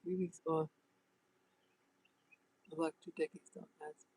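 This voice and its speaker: Husky chatty woman livestreaming. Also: sits low, flat delivery, a little slow, darkish tone, dry recording, poor audio. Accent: mix of New Jersey and Tennessee. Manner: rambling, chatty, reads out viewer comments. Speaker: YouTube livestream host. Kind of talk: casual livestream chat.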